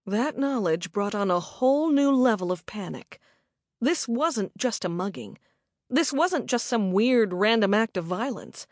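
Audiobook brief: woman, slow dramatic first-person narration, dry close sound. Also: mid-range voice, expressive, no room sound. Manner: measured, dramatic storytelling.

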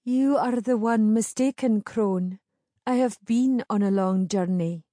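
A woman's voice: mid-range voice, unhurried, mellow, no room sound, clean studio sound, pitched above the performer's own voice, close to an everyday voice. A woman voicing a proud young woman traveller who answers sharply and insistently. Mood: defiant.

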